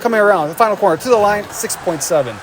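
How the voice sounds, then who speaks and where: Excitable man calling a race, slightly high voice. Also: fast, background noise. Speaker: race commentator. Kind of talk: play-by-play commentary.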